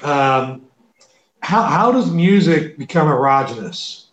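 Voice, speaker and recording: A man's voice: on the high side, expressive, slow pace, a bit bright, muffled recording. A man co-hosting a radio talk show, teasing and playful in casual chat. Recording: roomy echoey studio sound.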